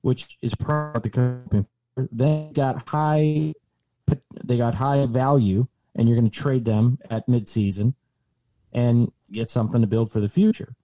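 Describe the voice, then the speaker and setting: A man co-hosting a podcast, talking sports in a casual, animated and exasperated way, with some swearing. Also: mid-range voice, moderate pace, soft background music. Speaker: podcast co-host.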